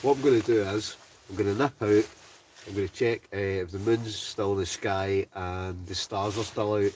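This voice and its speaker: A man's voice: fairly low pitch, fairly even intonation, normal speed, darkish tone, far from the mic, slight background noise. Scottish man chatting from a tent. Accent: Scottish, Ayrshire. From Scotland. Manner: chatty, laughs often, reads out viewer names. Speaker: wild camping livestreamer reading chat. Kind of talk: casual livestream chat. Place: inside a heated tent in the snow.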